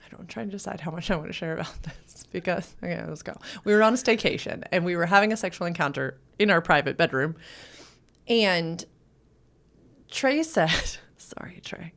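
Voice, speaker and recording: A woman's voice: lowish voice, moderate pace, gravelly. A woman hosting a casual podcast as a sexuality educator, telling a funny story with lots of laughter. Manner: storytelling, laughing often, animated.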